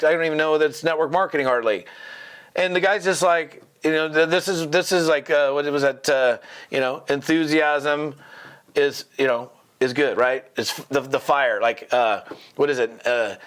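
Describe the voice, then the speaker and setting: A man hosting a solo podcast, talking animatedly and acting out hyped-up phone calls. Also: medium pitch. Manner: animated, acts out phone calls with sudden bursts of hype. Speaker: podcast host and network marketing trainer. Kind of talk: energetic solo podcast talk.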